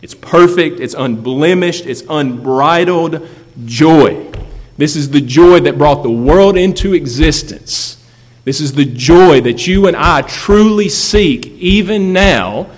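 A man's voice: a little high, lively intonation, takes it slowly. A man preaching a sermon as a pastor, emphatic, repeating key phrases for effect. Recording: long hall reverb.

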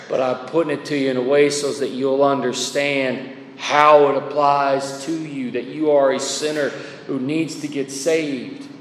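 A man's voice: mid-range voice, slight background noise. A man preaching a chapel sermon in a folksy, emphatic way, spelling out words to make his point. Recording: echoey chapel with long reverb.

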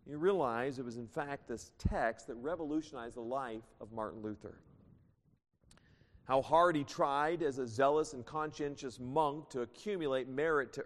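A man preaching a sermon with strong emphasis, reading scripture aloud and swinging his voice high and low. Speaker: pastor. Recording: long reverb of a church hall.

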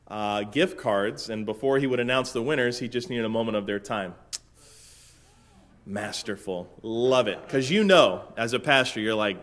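A middle-aged man from Florida, a pastor telling a relaxed story from the pulpit with dry humor and lots of fillers. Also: medium pitch. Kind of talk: casual sermon-opening story.

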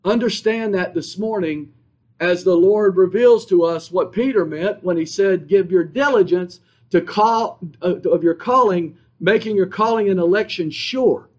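A man's voice: high-pitched, a little slow. A man preaching a sermon with an emphatic, repetitive cadence. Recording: dull lo-fi recording.

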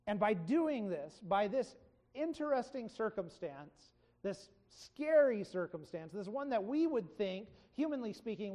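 A Bible study teacher walks through a scripture passage in a relaxed, conversational way. The speaker often stops to correct themself and retells the story in plain everyday words, at a mid pitch. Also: measured pace. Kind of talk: informal Bible lesson.

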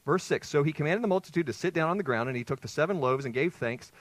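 Male pastor, lively conversational sermon, dry close sound, very expressive pitch. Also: fast, no echo, poor audio. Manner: lively, conversational preaching with rhetorical questions. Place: church sanctuary with congregation.

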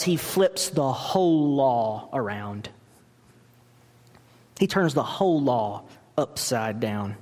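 A man preaching a sermon as pastor, emphatic and full of rhetorical questions, in a church. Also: mid-range voice. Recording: long hall reverb.

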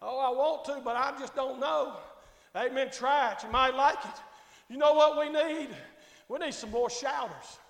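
A middle-aged man preaching a sermon, his voice pitched very high as he swings between soft asides and loud, stretched-out proclamations. He keeps checking in with the congregation, asking if everybody is all right. The sound is roomy, with a long reverb from a church sanctuary. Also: moderate pace, vocal fry. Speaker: pastor.

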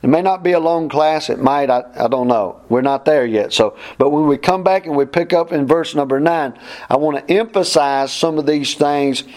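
A man's voice: on the high side, normal speed, a little mellow. A man teaching a verse-by-verse Bible class, plainspoken and emphatic, often repeating his points.

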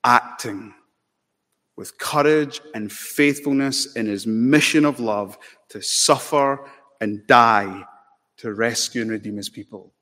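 A man preaching a sermon in a church, dramatic and impassioned, rising to emphatic peaks and slowing into solemn stretches. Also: mid-range voice, a bit bright. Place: church sanctuary. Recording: long hall reverb.

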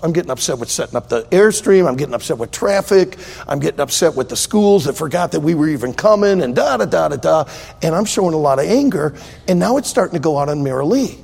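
An older man preaching a sermon, emphatic and repetitive, building to loud outbursts. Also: on the high side, vocal fry, slightly rough. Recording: echoey hall.

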